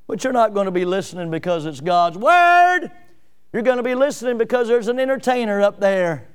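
A man pastor preaching a sermon in an animated, emphatic way, full of rhetorical questions. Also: very high voice, moderate pace, clear, resonant tone.

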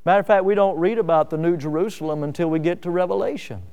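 A man preaching a sermon, telling homely stories with fillers and swinging from loud rises to soft drops. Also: high voice, fast talker, clear, resonant tone. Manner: folksy storytelling with fillers. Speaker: pastor.

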